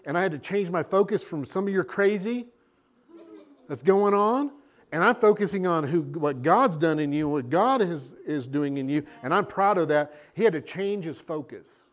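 A man preaching a sermon as a pastor, animated and acting out little scenes. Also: on the high side, normal speed.

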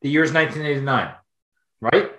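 A man's voice: fairly high pitch, a little fast, pushed and bright. A man voicing an angry, foul-mouthed father ranting on a payphone. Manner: ranting, cursing, combative. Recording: roomy echo.

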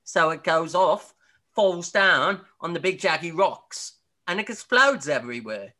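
Male co-host, bright tone, loose jokey pitching, laughs a lot. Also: lively intonation, measured pace. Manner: rambling, jokey, laughs often. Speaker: podcast co-host. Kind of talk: casual comedic chat.

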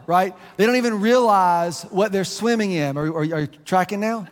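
A man's voice: high-pitched, expressive, brisk, hardly any pauses, long reverb tail. A man from the United States preaching a sermon in a conversational way, restarting phrases and adding asides. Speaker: pastor.

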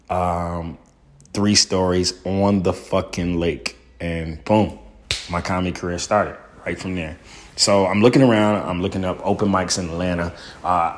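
Deep-voiced man telling a casual story. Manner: loose, profane, peppered with "boom" and fillers. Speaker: comedian telling his life story.

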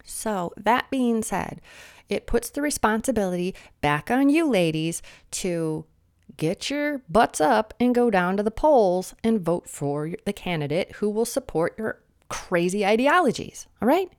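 A woman's voice: very animated, a little slow, darkish tone. A woman in her thirties delivering a sarcastic, mocking political commentary monologue, a little sniffly, lecturing her listeners. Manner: mimics opponents in shrill voices.

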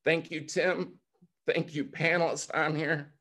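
A man's voice: fairly high pitch, little pitch movement, measured pace, fairly bright tone. A man in his forties giving an emotional, fired-up motivational testimony on a video call, choked up at times. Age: 40s. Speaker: guest speaker.

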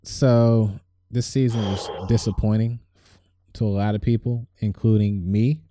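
A man's voice: lowish voice, steady tone, unhurried, noisy background. A man co-hosting a podcast, talking in a laid-back, blunt way with plenty of swearing. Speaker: podcast co-host. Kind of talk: casual chat.

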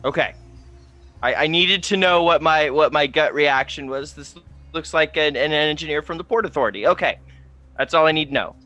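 A man's voice: on the high side, normal speed, pushed and bright, dull audio, faint music behind. A man playing a tabletop game, talking in rambling bursts that restart and trail off. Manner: rambling, self-interrupting. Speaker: player. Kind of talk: casual tabletop play.

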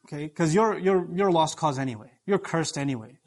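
A sly male devil talks low and easy, coaxing a listener with dismissive reassurance, as a preacher puts him on. The voice sits well below the speaker's usual pitch. It is a scheming, tempting figure in a spoken sermon. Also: lively intonation, a little fast, darkish tone, close to an everyday voice. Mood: mocking coaxing.

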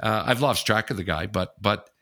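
A man's voice: fairly low pitch, moderate pace, gravelly, sharp tone. A man hosting a casual podcast, telling a frank personal story, swearing freely and turning to his co-host as he talks.

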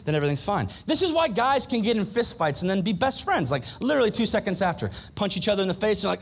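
Animated preaching man. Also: high-pitched, fast talker, slight background noise. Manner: animated, acts out quoted arguments. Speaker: pastor. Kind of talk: sermon.

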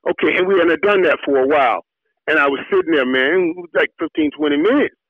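A middle-aged man from Miami, a former football player, telling animated stories in an interview with repeated words when excited. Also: on the high side, fast talker, no room sound. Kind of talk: storytelling interview. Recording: tinny phone-like dry line.

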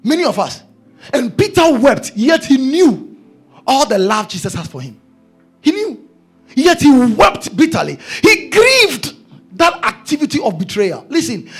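A man's voice: very high voice, breathy edge. A male preacher delivering a sermon, emphatic and repeating his key phrases.

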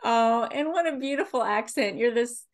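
A woman's voice: fairly high pitch, moderate pace. Gushing woman host. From Kentucky, USA. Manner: gushing, effusive. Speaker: podcast host. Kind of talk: enthusiastic podcast introduction and interview.

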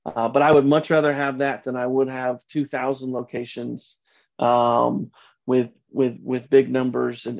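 A man's voice: mid-range voice, vocal fry, darkish tone, lo-fi sound. A man answering podcast interview questions as a franchise executive, earnest and often restarting his sentences.

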